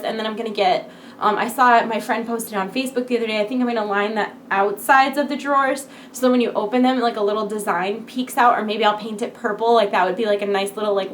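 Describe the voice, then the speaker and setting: A woman's voice: on the high side, slight background noise. A woman in her twenties chatting casually to camera from home, full of filler words. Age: 20s. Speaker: vlogger. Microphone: computer desk setup.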